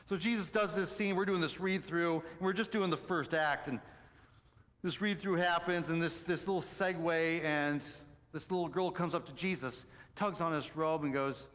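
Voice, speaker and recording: A middle-aged male pastor delivers a lively, storytelling sermon with a fairly high voice. He moves from excited bursts to quiet, hushed passages. His words ring out with a long reverb through the church sanctuary. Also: moderate pace. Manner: animated storytelling, swings from loud excitement to soft hushed tones.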